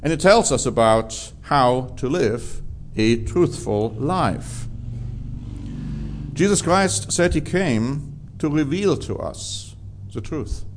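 A man's voice: on the high side, animated, slow, a little hiss or hum. A man preaching a sermon, drawing out key words for emphasis.

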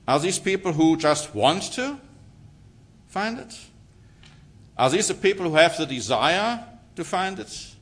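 Male preacher, bright, forceful voice, emphatic sermon delivery, rhetorical questions. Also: on the high side, sing-song, unhurried, pauses often. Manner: emphatic, rhetorical questions, reads scripture aloud.

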